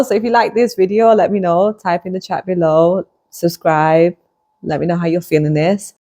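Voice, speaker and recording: A woman in her thirties hosts her own show and speaks straight to her audience. Her voice sits a little low, and she tells her story in a chatty, animated way, often breaking into laughter. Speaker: podcast host and hypnotist. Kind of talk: casual personal storytelling to camera.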